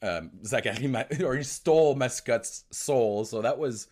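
A man whose first language is French, hosting a hockey podcast in casual chat, excitable with quick asides. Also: mid-range voice. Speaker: host.

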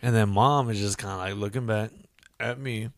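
A man co-hosting a podcast, telling a rambling story full of "you know" and "right?", and putting on high voices for the people he quotes. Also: steady tone, normal speed, dry recording, studio quality. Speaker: podcast co-host. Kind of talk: casual storytelling chat.

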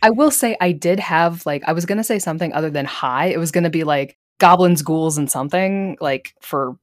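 A woman with a low voice co-hosts a fan podcast, chatting casually in a rambling, joking way. The sound is dry and close, with almost no room echo. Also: fairly quick. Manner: rambling, jokey, self-deprecating. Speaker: podcast co-host. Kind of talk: casual chat. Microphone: plugged into a laptop.

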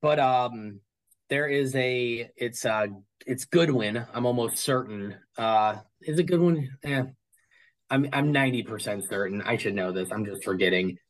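A man's voice: mid-range voice, measured pace, rough recording. A man speaking as an interview guest about his collection, talking casually and rambling with many fillers and restarts.

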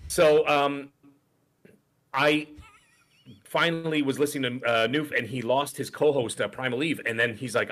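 A man's voice: mid-range voice, normal speed, pauses often, fairly bright tone. A middle-aged man co-hosting a podcast, telling a long story in casual chat, full of fillers and asides. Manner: rambling storyteller with frequent fillers. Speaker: podcast co-host.

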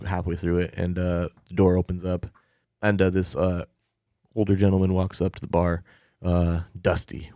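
A man narrating a tabletop game as game master, in a relaxed way with lots of fillers. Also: low-pitched, dry recording, clean studio sound.

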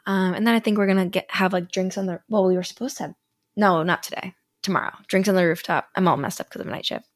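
Fast and fairly even in intonation, this thirties-aged woman's medium-pitched voice comes through a dry, clean studio recording. As a podcast co-host, she keeps things casual, rambling along with plenty of filler words.

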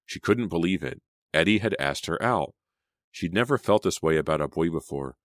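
A man narrating an audiobook in a low, hushed storytelling manner. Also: animated, normal speed, dry recording. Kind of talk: scripted narration.

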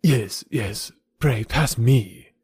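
A man voicing a self-satisfied married gentleman who speaks with a sneer. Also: mid-range voice, lively intonation, moderate pace, vocal fry, husky, dry recording, clean studio sound, heavily acted.

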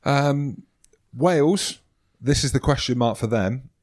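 A man's voice: mid-range voice, takes it slowly, a little mellow. A Scottish man co-hosting a rugby podcast, blunt, jokey and self-mocking in casual banter. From Scotland. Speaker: podcast co-host.

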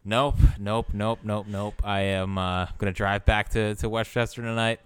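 A man's voice: lowish voice, level tone, normal speed, a bit bright, clean tone. A man co-hosting a casual sports podcast, wry and often repeating words while he thinks. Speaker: podcast co-host.

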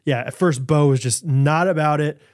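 A man in his thirties co-hosting a podcast, telling stories in casual chat and acting out shouted quotes. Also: fairly high pitch, moderate pace. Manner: animated storyteller, acts out shouted quotes. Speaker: podcast co-host.

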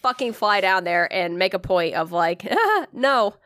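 A woman's voice: fairly low pitch, measured pace, fairly bright tone, no echo. A woman in a casual chat, blunt and protective, swearing as she reacts.

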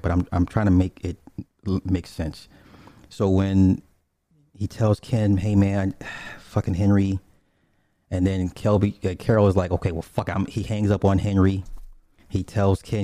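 A man giving a rambling, profane, casual commentary, slipping into quick voices when he quotes people. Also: low-pitched, warm tone, no room sound. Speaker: commentator on online streamers.

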